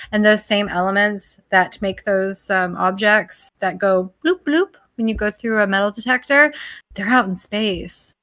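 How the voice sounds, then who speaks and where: A woman's voice: medium pitch, bright, forceful tone. An American woman as a guest in casual chat, exasperated and sarcastic, swearing freely. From United States. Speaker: guest on a stream.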